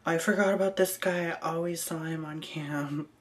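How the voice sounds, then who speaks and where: A woman's voice: low-pitched, steady tone, normal speed. A woman vlogging casually, reading out messages with dry, amused asides and frequent ums.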